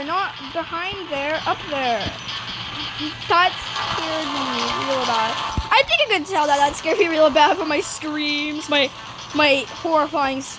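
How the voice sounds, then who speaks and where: A woman rambling through casual game commentary, getting excited, shrieking at the game and scolding her dogs. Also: sits high, rough recording. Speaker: gaming channel host. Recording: loud background noise. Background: dogs nearby.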